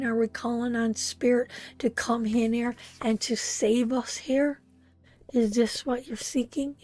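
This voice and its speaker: A woman's voice: a little high, dark tone. A woman giving a live tarot reading, emotional and repetitive, calling the listener sweetheart. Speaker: tarot reader.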